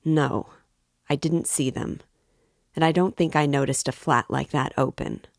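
A woman's voice: low-pitched, steady tone, unhurried, vocal fry, no room sound, clean studio sound. A woman reading an audiobook voices a proud, wary young male student who answers curtly and with contempt. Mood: haughty guarded. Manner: haughty, curt and wary.

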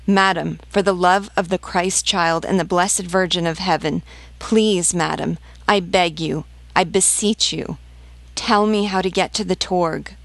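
A woman's voice: sits low, fairly even intonation, unhurried, vocal fry, dry recording. A woman reading the part of a desperate peasant mother hunting for her stolen children, pleading and insistent. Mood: begging.

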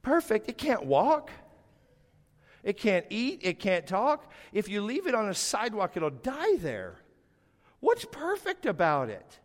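A man's voice: high voice, wildly swooping pitch, unhurried, long reverb tail. A man pastor delivering a sermon in a church, emphatic and building phrases in repeated lists.

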